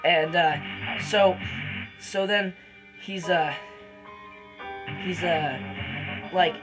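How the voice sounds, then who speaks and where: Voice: mid-range voice, fairly even intonation, very slow, over music, poor audio. Rambling casual movie reviewer. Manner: rambling retelling with many fillers and restarts.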